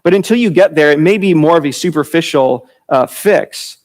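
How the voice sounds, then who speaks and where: A male pastor teaching from scripture in a relaxed, conversational sermon. His voice sits a little high for a man. He often chuckles and breaks off to restart his sentences. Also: normal speed. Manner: informal, chuckling, frequent fillers and restarts.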